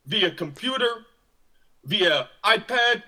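A man's voice: sits high, lively intonation, takes it slowly, sharp tone, heavily acted. A man playing a stiff, robotic gym salesman who talks like a drill sergeant and keeps repeating slogans. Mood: stiff salesy. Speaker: gym caller.

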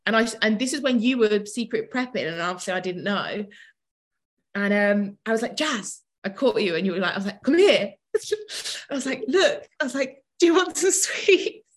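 A woman's voice: mid-range voice, lively intonation, normal speed. A young adult woman in casual chat, teasing and laughing often as she recalls shared moments. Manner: giggly, teasing.

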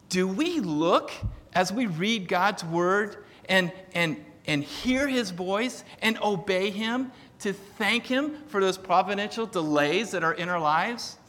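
A man's voice: high voice, animated, takes it slowly, a bit bright, in a large hall. A man preaching a sermon in a casual storytelling way, with self-deprecating humor. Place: church sanctuary.

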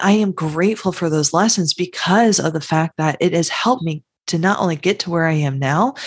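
A woman's voice: fairly low pitch, husky. A woman hosting a podcast, talking on her own in an earnest, heartfelt and emphatic way. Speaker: podcast host. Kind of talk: solo podcast monologue.

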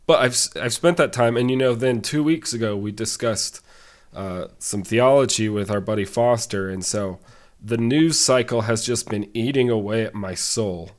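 A man's voice: on the low side, moderate pace. A man co-hosting a podcast, sick and congested, who rants with sarcastic exaggeration. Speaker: podcast co-host. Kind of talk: casual ranting chat.

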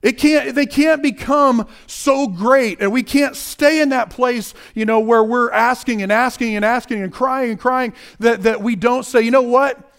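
A man's voice: extremely high pitch, a little slow, hardly any pauses, fairly bright tone, smooth. A man giving a conversational sermon, talking directly to the listeners as guys and often restarting his phrases. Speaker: preacher.

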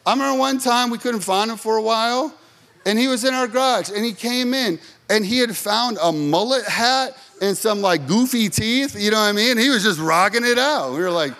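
A man's voice: high voice, brisk, pushed and bright. A man preaching a sermon in a chatty storytelling way, asking the congregation questions as he goes. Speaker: pastor.

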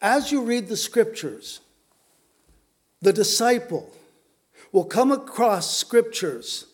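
A man's voice: high voice, darkish tone. A man preaching a sermon in an earnest, emphatic, urgent way.

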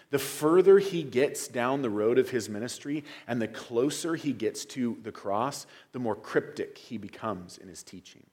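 A man's voice: mid-range voice, darkish tone. A man, a pastor, preaching an expository sermon verse by verse, rising in intensity when he quotes scripture.

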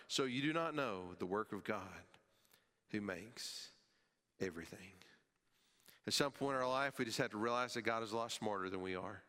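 A male pastor preaching a sermon, emphatic, his voice rising and falling sharply and dropping low at the ends of phrases, sometimes repeating words as he restarts. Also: normal speed, bright, forceful tone. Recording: long hall reverb.

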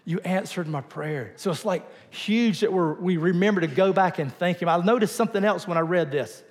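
A man's voice: high voice, brisk. Man preaching in a reverberant hall. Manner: conversational, rhetorical questions, drops to quiet emphasis. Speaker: pastor. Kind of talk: sermon.

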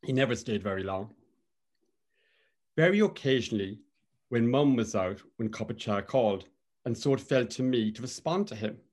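A man's voice: medium pitch, expressive, normal speed, long pauses, a little mellow. Cork Irish man telling a wry story. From Cork, Ireland. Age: middle-aged. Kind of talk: live personal storytelling.

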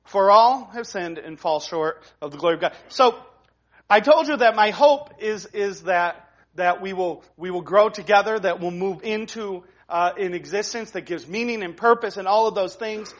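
A man preaching to his congregation in an easygoing, talky way, stopping to restart phrases and tossing in "right?" as he goes. His voice sits high for a man. The recording sounds somewhat dull and lo-fi. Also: normal speed, a bit bright. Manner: conversational preaching with frequent restarts and "right?" tags. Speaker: pastor. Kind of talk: sermon.

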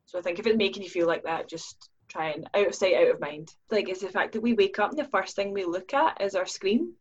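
A woman's voice: mid-range voice, brisk, husky. Woman, podcast guest, earnest, acts out inner voices, slightly muffled sound. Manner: earnest, acts out her own inner questions in lively voices. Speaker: guest, business owner. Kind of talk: podcast conversation.

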